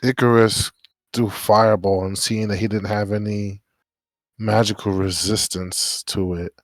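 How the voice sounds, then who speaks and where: A man playing a tabletop game, talking through his options in a halting, thinking-aloud way. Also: fairly low pitch, level tone, no room sound. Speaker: player. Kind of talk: casual game chat.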